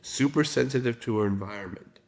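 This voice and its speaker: A man's voice: mid-range voice, brisk, a little mellow. A middle-aged man, a guest expert in a podcast interview, telling stories and acting out quotes. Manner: storytelling with acted quotes.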